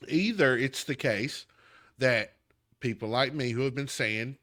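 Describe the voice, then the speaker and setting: A man's voice: mid-range voice, a little slow, a bit bright. A man with a Southern accent hosting a podcast, delivering an emphatic, heated political commentary rant straight at the listener. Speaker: podcast host.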